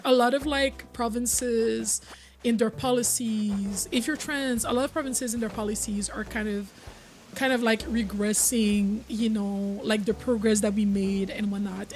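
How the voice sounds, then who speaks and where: A woman's voice: on the high side, steady tone, measured pace. Chatty woman streamer. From Quebec, Canada. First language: French. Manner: chatty, answers viewers' chat as she talks. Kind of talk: casual live-stream chat. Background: soft background music.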